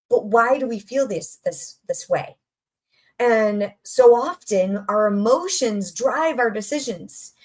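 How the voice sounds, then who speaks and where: A middle-aged woman coach giving an energetic, conversational motivational talk, full of rhetorical questions and repetition. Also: fairly high pitch.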